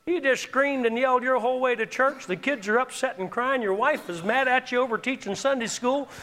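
A man's voice: extremely high pitch, brisk, sharp tone, full character voice. A man voicing a mocking male devil who taunts a preacher, in a sneering, scornful tone, within a sermon.

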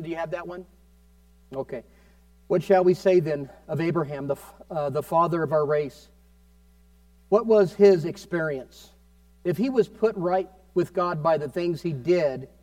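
A man's voice: on the high side, darkish tone, no room sound, distant mic. A man preaching a fervent sermon as pastor, often prompting the congregation with amen.

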